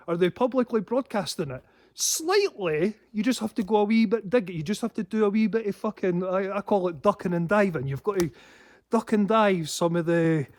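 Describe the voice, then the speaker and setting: A man's voice: high-pitched, lively intonation, moderate pace, a little mellow, dry recording. A man rambling in a casual vlog monologue, swearing often and breaking into laughs. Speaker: paranormal vlogger.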